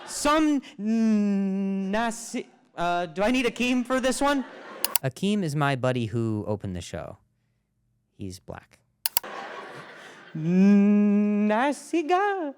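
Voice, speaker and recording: A man's voice: sing-song, a little hiss or hum. Stuttering male comedian on stage. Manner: self-deprecating, quick quips with low asides. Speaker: stand-up comedian. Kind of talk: stand-up crowd work.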